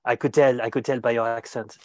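A snobby Parisian local with a haughty, mock-polite manner, as a man briefly puts him on. The voice sits at a middling pitch and sounds dry and close, with no room around it. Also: steady tone, fast, darkish tone, dry recording, close to an everyday voice. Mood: condescending.

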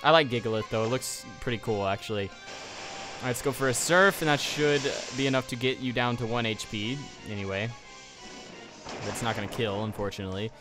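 A man's voice: medium pitch, fairly quick, over music. A young man giving casual let's play commentary, exasperated and ranting at the game, with a sniffly nose.

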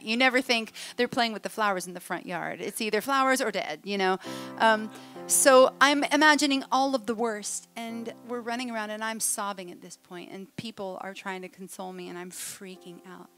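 A woman speaker at a conference, spinning a funny story with plenty of swings in her voice. Her pitch sits in a middle range. A faint bit of music lingers in the background. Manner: animated, humorous, acts out voices. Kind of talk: storytelling talk to an audience. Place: hall with a live audience.

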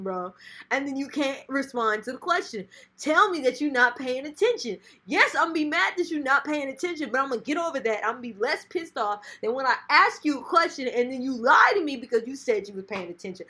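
A woman's voice: sits high, sharp tone. A woman hosting a reaction video, commenting casually in slang and laughing often.

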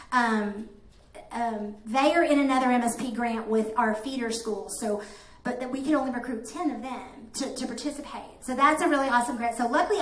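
Woman presenting to teachers, high voice, lively and chatty, in an echoey room with faint noise. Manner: chatty, animated storyteller with playful asides. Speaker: grant coordinator presenting to teachers.

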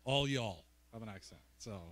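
A man's voice: on the low side, normal speed, a bit bright. A man from Northern Ireland with a Belfast accent, a guest preacher giving a sermon with joking, self-mocking asides. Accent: Northern Irish, Belfast.

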